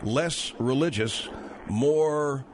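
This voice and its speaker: A man hosting a talk radio call-in show, brisk and keeping the call on track. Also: mid-range voice, a little hiss or hum. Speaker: radio host.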